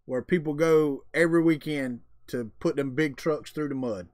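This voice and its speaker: A man's voice: fairly high pitch, normal speed, darkish tone, dry recording. Folksy Southern man, dry close mic. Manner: folksy, drawling, jokey. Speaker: livestream host. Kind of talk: casual chat with live viewers.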